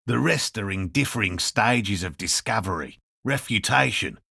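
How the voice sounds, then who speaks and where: Earnest, patient cryptozoologist; bright, tense, gravelly game voice, precise and lecturing. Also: male voice, lowish voice, animated, moderate pace, dry recording, studio quality, heavily acted. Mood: explaining. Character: earnest middle-aged male cryptozoologist, patient and hopeful. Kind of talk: video game voice acting.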